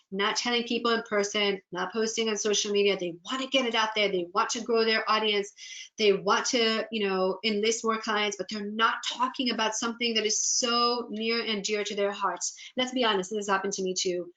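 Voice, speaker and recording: A woman's voice: medium pitch, fairly bright tone, dull audio. A woman business and life coach giving an earnest, encouraging webinar presentation, often voicing people's inner doubts aloud.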